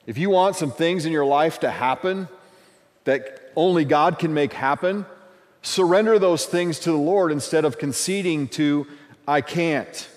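Male pastor, sermon delivery, somewhat high voice, emphatic repetition, reverberant hall. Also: moderate pace. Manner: preaching with repeated phrases and emphatic buildups. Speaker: lead pastor.

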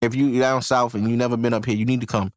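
A man's voice: mid-range voice, flat delivery, very fast, no room sound. Profane, slangy male podcast host, dry sound. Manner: loose, profane street slang with frequent laughs. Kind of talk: casual solo podcast rant. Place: home podcast setup in New York.

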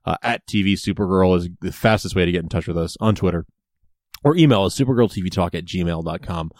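A man's voice: low-pitched, fast talker, a little mellow, no room sound, studio quality. A man co-hosting a casual podcast, easygoing and full of fillers as he wraps up the show. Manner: easygoing, many fillers, chuckles. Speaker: podcast co-host. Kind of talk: casual chat and show wrap-up.

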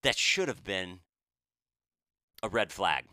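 A man co-hosting a podcast, telling a story in a casual, animated and self-deprecating way. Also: deep voice, slow, no room sound, studio quality. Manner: animated, self-deprecating, quotes others in raised voice. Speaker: podcast co-host.

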